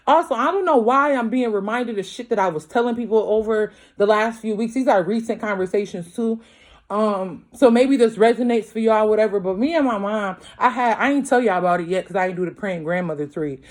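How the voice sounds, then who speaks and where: A woman's voice: a little high, fairly quick. A woman, a mother, giving a casual tarot reading at home late at night, talking bluntly with heavy swearing and constant check-ins with her viewers. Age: young adult to middle-aged, a mother. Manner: blunt, profane, emphatic, keeps asking "you feel me"; grows louder as she gets worked up. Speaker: tarot reader.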